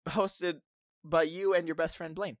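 A man's voice: on the high side, fairly even intonation, measured pace, no room sound, clean studio sound. A young man co-hosting a podcast, joking and teasing his friend in casual banter. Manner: teasing, giggly, goofy. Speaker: podcast co-host.

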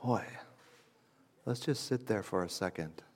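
A man preaching a sermon in a conversational, reflective way, moving from hushed asides to emphatic lines. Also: fairly low pitch, measured pace, in a large hall, a little hiss or hum.

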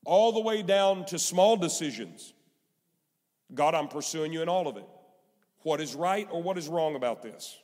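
A male pastor preaching a sermon, emphatic and repetitive, in a church sanctuary. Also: on the high side. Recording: long hall reverb.

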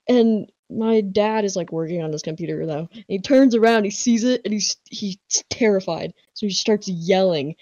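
A young woman tells a family story on a casual podcast, animated and quick to laugh. Her voice comes through a dull, lo-fi online call, dry with no room around it. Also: mid-range voice, no echo. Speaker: podcast co-host. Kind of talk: casual chat.

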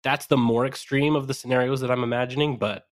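A man's voice: mid-range voice, steady tone, quick pace. A man co-hosting a casual podcast, bantering and laughing often. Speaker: podcast co-host. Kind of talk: casual chat.

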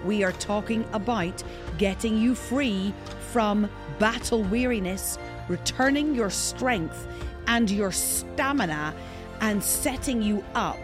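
A woman with a Northern Irish accent hosting a podcast, bantering and teasing her guests in quick, lively chat. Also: mid-range voice. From Northern Ireland. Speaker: podcast host.

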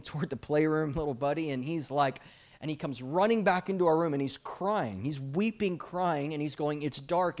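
A young adult man preaching a guest sermon at a church service, telling stories with light jokes. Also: fairly high pitch. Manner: animated storytelling with jokes.

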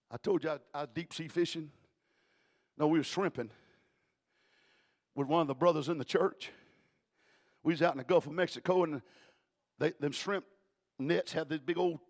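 Preaching in a rhythmic cadence with a slightly high voice, a male pastor tacks "uh" onto every phrase. His sermon moves back and forth between shouts and hushed tones.

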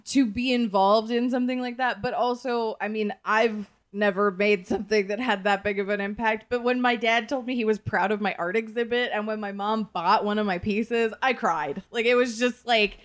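A woman co-hosting a podcast, talking in an earnest, emotional, halting way in casual chat. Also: mid-range voice, fairly even intonation. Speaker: podcast co-host.

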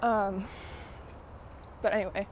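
Out of breath from an uphill walk, this woman hosts a podcast with slow, loosely wandering talk full of fillers and frequent laughter. Her mid-range voice keeps a fairly even intonation, and background noise can be heard.

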